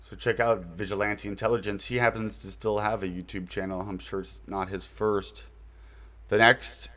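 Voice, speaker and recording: Here a man with a lowish, fairly bright voice hosts his own channel and introduces his website. He rambles casually through recommendations, off the cuff, with fillers and mild slang.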